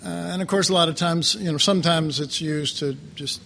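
A man preaching a sermon slowly and reflectively, pausing often and restarting his phrases. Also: a little high, creaky, pushed and bright, a little hiss or hum. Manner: slow, halting, reflective, with many pauses and fillers.

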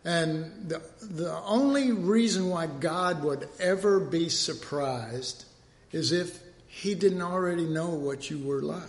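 A man's voice: on the high side, slow pace. A man preaching a humorous sermon, acting out dialogue and drawing a diagram as he speaks. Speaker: pastor. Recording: roomy echo.

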